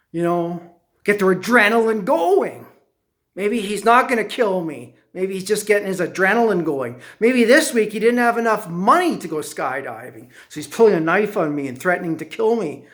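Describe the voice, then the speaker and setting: A man telling a personal story as a motivational speaker, slow and deliberate, drawing lessons from it. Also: high voice, fairly bright tone.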